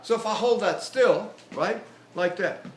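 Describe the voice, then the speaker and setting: An older man lectures on vocal technique in a rambling, demonstrative way. His speaking voice sits notably high for a man, and he keeps breaking off to show sounds and exercises. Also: unhurried. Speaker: voice teacher.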